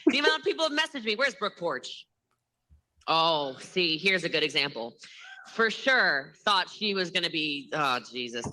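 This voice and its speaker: A woman giving a motivational sales training in a lively, laughing way, acting out other people's lines. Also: on the low side, moderate pace, poor audio.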